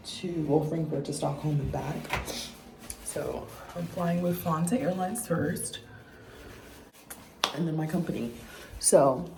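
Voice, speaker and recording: A young woman talks to the camera in an easygoing travel vlog, her voice low, dark and mellow. She rambles, laughs often and corrects herself as she goes. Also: creaky, a little hiss or hum. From New Orleans, USA. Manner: chatty and rambling, with frequent laughs and self-corrections. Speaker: flight attendant vlogger.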